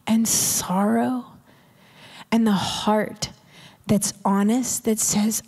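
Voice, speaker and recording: Preaching intimately in a large church hall, a woman often drops to a whisper for emphasis, with live hall reverb around her. Her medium-pitched voice is husky and a little mellow, with little pitch movement, an extremely slow pace, and frequent pauses.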